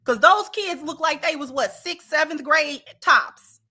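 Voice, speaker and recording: A woman hosts a casual commentary show and addresses her viewers directly. She is animated and emphatic and leans on slang. Her voice is very high and bright, with a sharp edge. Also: a little slow. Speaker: commentary channel host.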